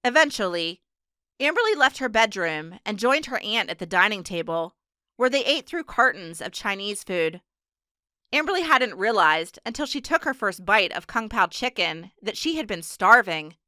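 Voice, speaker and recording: Woman reading an audiobook, steady and measured, smooth clear voice, dead dry sound. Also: mid-range voice, dry recording. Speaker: audiobook narrator. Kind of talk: scripted narration.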